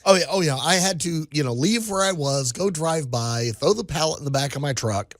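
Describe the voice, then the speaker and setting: A man co-hosting a radio show in a studio, talking in playful, halting casual banter. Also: a little high, dry recording. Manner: lively, halting with restarts, playful.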